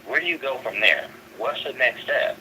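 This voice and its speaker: A man's voice: medium pitch, expressive, normal speed, sharp tone, slight background noise, poor audio. A man calling in as a show guest, speaking earnestly and often restarting his sentences. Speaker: guest caller. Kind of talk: casual talk.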